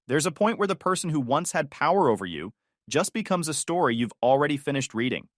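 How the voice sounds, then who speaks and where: A man narrating a first-person story in a calm, detached, dryly sarcastic manner. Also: fairly high pitch, brisk, dry recording, clean studio sound.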